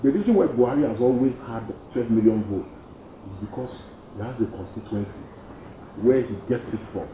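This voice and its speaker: A young man with a Nigerian accent, an activist answering interview questions emphatically and repeating his points. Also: brisk. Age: young adult. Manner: emphatic, repeats points, lively pitch swings. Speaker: activist guest. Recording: dull roomy studio sound, faint noise.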